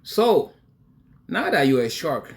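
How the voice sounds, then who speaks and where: A man's voice: fairly high pitch, big pitch swings, slow, voice pushed up, heavily acted. A man doing his goofy joking buddy. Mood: playful. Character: joking adult male friend, playful and goofy.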